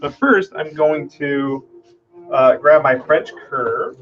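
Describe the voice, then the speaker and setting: A man's voice: fairly high pitch, slow pace, lo-fi sound, soft background music. A man hosting a live stream from his home workshop, casually talking through his work, thinking aloud and joking about himself. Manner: chatty, self-deprecating, thinking aloud while working.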